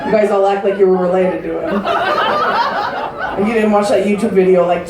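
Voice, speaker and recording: A woman's voice: medium pitch, moderate pace, distant mic, over a noisy crowd, heavy background noise. Brash woman comic in a roomy showroom. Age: 30s. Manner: brash, crude, deadpan punchlines. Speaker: stand-up comedian. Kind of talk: stand-up comedy set. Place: large casino showroom with live audience. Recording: roomy live-venue recording from afar.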